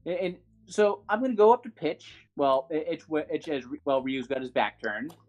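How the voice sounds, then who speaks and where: A man's voice: a little high, lively intonation, a little mellow, highs cut off. A man playing a tabletop game stumbles through his turns with many restarts. His voice sits mid-range, and faint music plays behind him. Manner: halting, many fillers and restarts. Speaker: player.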